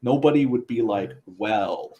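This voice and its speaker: A man's voice: mid-range voice, normal speed. A man co-hosting a casual group podcast, talking in a distracted, mumbly way while he plays a video game. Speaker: podcast co-host.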